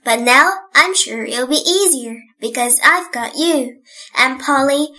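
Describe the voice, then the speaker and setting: In an exaggerated, high voice with a bright, forceful tone and measured pace, a woman performs an audiobook character: a cheerful, earnest orphan girl of about eleven. The girl chatters away eagerly, full of wide-eyed wonder.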